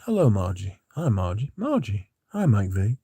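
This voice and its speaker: A relaxed man talks on a livestream, rambling in a loose, chatty way. His voice is low and mellow, and the sound is dry and close. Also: moderate pace, dry recording. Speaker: fragrance livestream host. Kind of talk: casual livestream chat, reading comments.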